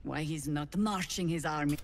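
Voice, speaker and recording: Veteran resistance leader, video game voice, grave, commanding, foreign-sounding accent. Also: female voice, low-pitched, moderate pace. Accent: foreign-sounding, not named. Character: stern veteran woman leader of a resistance band.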